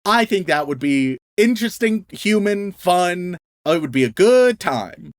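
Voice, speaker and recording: A man on a podcast launches into an exasperated, profanity-laced rant. He cracks himself up and shouts as he goes. The sound is dry and close, with no room behind him. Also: sits high, big pitch swings, a little slow, no echo. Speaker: podcast co-host. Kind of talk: casual ranting chat.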